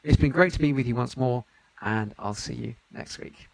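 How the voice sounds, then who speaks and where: A man's voice: mid-range voice, moderate pace, creaky, darkish tone. A man teaching an online piano lesson, encouraging and counting rhythms aloud. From United Kingdom.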